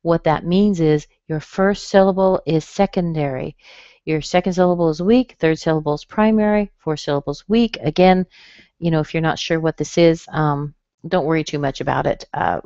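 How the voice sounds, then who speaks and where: Lady teaching pronunciation online, slow careful syllables, kinda dull dry audio. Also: low-pitched, darkish tone, no echo. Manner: slow, careful, over-enunciated demonstrations of stress. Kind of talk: webinar lesson.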